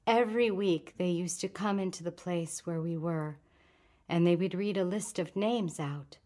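A woman reading as a grieving, soft-spoken refugee woman. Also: fairly low pitch, normal speed, natural voice. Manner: soft, hushed, controlled grief. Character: grieving adult refugee woman, gentle and bitter.

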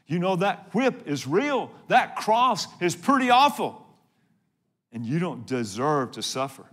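A deceitful devil whispering temptation, as a preacher puts him on, sweet-talking and persuasive. The voice stays fairly high and close to the preacher's own. Soft, reasonable-sounding coaxing. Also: male voice, big pitch swings, measured pace, exaggerated voice. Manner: persuasive, wheedling.

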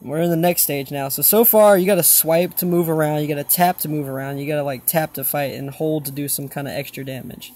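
A young man giving casual, excitable commentary while playing a mobile game, swearing now and then and saying "dude" a lot. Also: fairly high pitch, fairly quick, few pauses. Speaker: gaming channel host. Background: game music.

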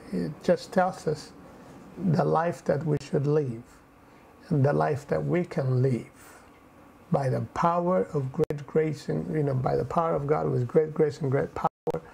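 A man's voice: a little high, fairly even intonation, measured pace, gravelly, warm tone, a little hiss or hum, rough recording. A man preaching a sermon in an earnest way, often repeating phrases and adding fillers.

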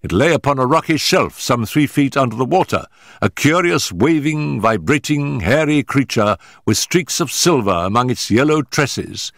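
A man narrating an audiobook in a deliberate, dramatic manner. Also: medium pitch, lively intonation, vocal fry, a bit bright, dry recording, clean studio sound. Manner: deliberate and dramatic, in period prose. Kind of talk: scripted narration.

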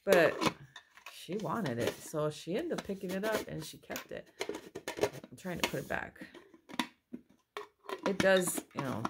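A woman chatting excitedly at home in a casual haul vlog, often apologizing as she shows things to a handheld camera. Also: lowish voice, takes it slowly, long pauses, heavy background noise. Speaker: mother showing a thrift haul. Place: at home, indoors. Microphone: handheld phone or camera she moves around.

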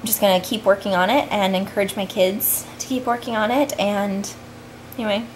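A woman's voice: medium pitch, fairly even intonation, fairly quick, slight background noise. A woman in her thirties, a vlogging mom, talking to camera in a candid, heartfelt way with lots of "like" fillers. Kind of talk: reflective vlog talk to camera.

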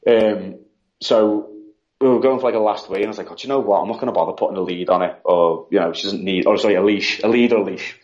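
A man with a British accent, a podcast guest telling stories in a casual, animated way, acting out quotes and saying "like" a lot. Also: lowish voice, fast talker. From United Kingdom. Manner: animated, acts out quotes, frequent "like". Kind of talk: casual storytelling. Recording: dull lo-fi sound.

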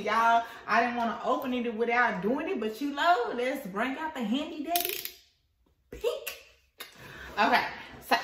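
A woman vlogs her unboxing and chats excitedly with her viewers, laughing as she goes. Her voice sits high and leaps all over, and she takes her time. She is recorded from the camera's distance in an echoey room, with a faint hiss behind her. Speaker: small business owner unboxing a package. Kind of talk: casual vlog chat to viewers.

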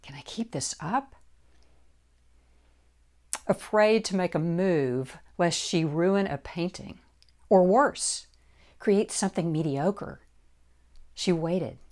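Woman narrating her book, takes her time, lowish calm voice. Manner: measured, deliberate reading. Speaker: author reading her own book. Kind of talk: audiobook narration.

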